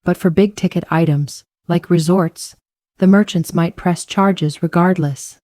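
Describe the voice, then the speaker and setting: A woman voicing a calm, efficient fraud investigator who speaks plainly and matter-of-factly. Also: on the low side, a little slow, no room sound, studio quality, close to an everyday voice.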